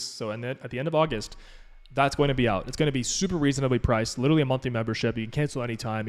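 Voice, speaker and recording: A man of middle pitch talks casually on a live stream, reading and answering viewers' questions as a business mentor. His delivery is upbeat and loose, full of fillers and self-corrections. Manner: rambling and upbeat, many fillers and restarts.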